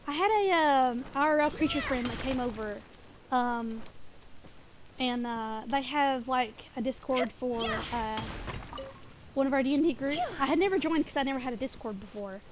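A woman's voice: sits high, lively intonation, moderate pace, slight background noise. A young woman streaming a game, chatting casually with her chat and giggling often, a little sniffly with hiccups. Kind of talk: casual livestream chat while gaming. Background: game music.

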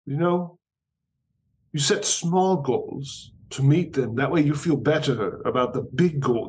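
A man's voice: mid-range voice, measured pace, darkish tone, a little hiss or hum. A man playing a tabletop game, chatty and playful in character. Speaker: player. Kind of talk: tabletop role-play, in character.

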